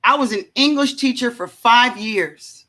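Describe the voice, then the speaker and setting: A woman hosting a casual reaction show from home, talking in an animated, chatty way with many asides to her viewers. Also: fairly high pitch, a little slow. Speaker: show host.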